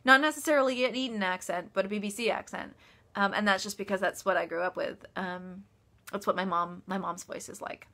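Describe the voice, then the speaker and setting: A woman's voice: medium pitch, fairly quick, bright, forceful tone. A woman author chatting casually on a live stream, answering viewer questions with frequent laughs, ums and restarts. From United States. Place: office.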